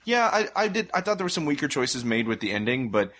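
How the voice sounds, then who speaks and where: A man's voice: fairly high pitch, very animated, fast talker, bright, forceful tone. A man hosting a casual movie review chat, enthusiastic and steering the talk between films. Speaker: film review podcast host.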